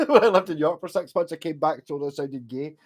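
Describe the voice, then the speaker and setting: A man's voice: a little high, brisk, soft background music. A middle-aged man with a Glasgow Scottish accent chatting on a livestream, meandering and sweary with lots of fillers. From Scotland. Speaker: livestream host reading chat. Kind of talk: casual rambling chat.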